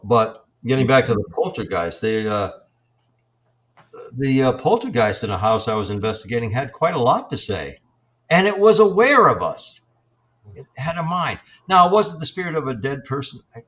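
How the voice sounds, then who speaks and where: Man in his sixties, investigator guest, halting reflective storytelling, muffled lo-fi sound. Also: mid-range voice, fairly bright tone. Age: 60s. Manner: halting, reflective, with many fillers and restarts. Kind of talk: storytelling in an interview.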